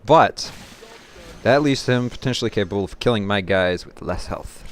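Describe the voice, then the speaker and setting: A man giving live commentary on his own card game, thinking his moves through aloud and getting excited or laughing at his own mistakes at his home computer. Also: fairly low pitch, moderate pace. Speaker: gameplay commentator.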